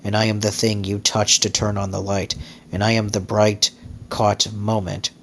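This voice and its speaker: A man takes the part of a glamorous young actress lost in slow, rapturous reverie. The voice stays low and even, reading like an incantation, with a faint hiss underneath. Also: gravelly. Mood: dreamy.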